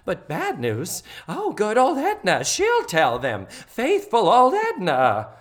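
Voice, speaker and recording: A high, swooping voice of a fretful older woman, put on by a man, wailing and sing-song in its melodrama. The pitch leaps up and drops back constantly. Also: huge pitch swings, takes it slowly, fairly bright tone, heavily acted. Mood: distraught.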